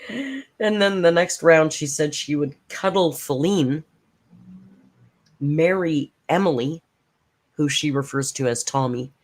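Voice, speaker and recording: A woman's voice: deep voice, expressive, takes it slowly, long pauses. A woman hosting a reaction channel, giving blunt, sarcastic casual commentary and swearing freely.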